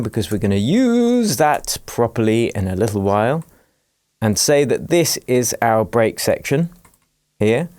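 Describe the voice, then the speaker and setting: A man teaching music production in a screen-recorded tutorial, explaining each step in a relaxed, jokey way. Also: mid-range voice, no echo. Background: faint dance music playing from his project.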